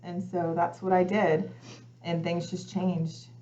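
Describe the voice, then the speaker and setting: A woman's voice: on the low side, little pitch movement, takes it slowly, mellow. A woman, a guest coach on a talk show, telling her personal story in earnest and acting out her own past thoughts as she goes. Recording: slightly muffled lo-fi audio.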